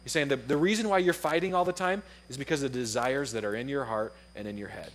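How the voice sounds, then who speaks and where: A young adult man preaching a sermon to his church, telling a story with acted-out dialogue in a lively, conversational way. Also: medium pitch, fast talker. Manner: animated storytelling, acts out dialogue. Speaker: pastor. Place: church auditorium.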